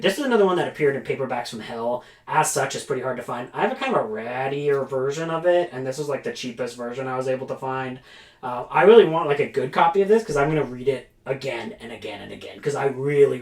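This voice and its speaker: Man, casual book vlog, enthusiastic ranting, mid pitch, roomy echo in a small storage room. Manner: enthusiastic, ranting, filler-heavy. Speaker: book reviewer.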